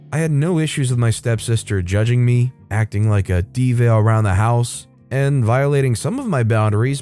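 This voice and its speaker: A man narrating a written story in a steady, even read. His voice sits in a middle range for a man. Soft music plays faintly behind him. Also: mid-range voice. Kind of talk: scripted narration. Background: faint background music.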